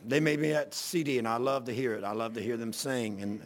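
An older man pastor giving an informal sermon, telling folksy stories with loud exclamations and chuckles. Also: medium pitch, brisk.

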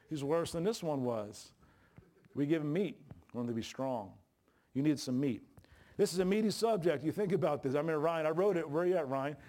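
Male pastor, slightly high voice, folksy and joking, sermon from the pulpit. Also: warm tone. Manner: folksy, joking preacher with Southern-style colloquial grammar. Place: church sanctuary. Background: congregation responses.

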